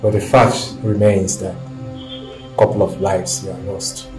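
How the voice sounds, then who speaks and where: A man's voice: deep voice, little pitch movement, slow pace. An actor playing a man who delivers grave news in stiff, formal wording. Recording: echoey room with film music.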